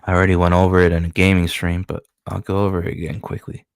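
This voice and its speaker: Man, comic creator, casual commentary, profane, excitable, gravelly fry, dry close sound. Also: low voice, fast, no echo. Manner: loose, profane, excitable retelling. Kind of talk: casual commentary walking through his comic.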